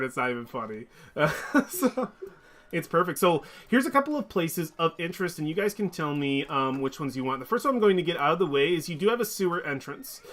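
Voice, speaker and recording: Bright-voiced chatty male dungeon master. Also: on the high side. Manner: chatty, many ums and restarts. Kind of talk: running a tabletop game on a livestream.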